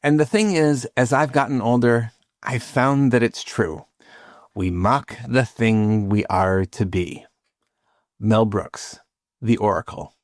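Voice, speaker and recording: Man, podcast host, scripted narration, reflective, lightly humorous, mid-pitched, dry studio recording. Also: takes it slowly, no room sound.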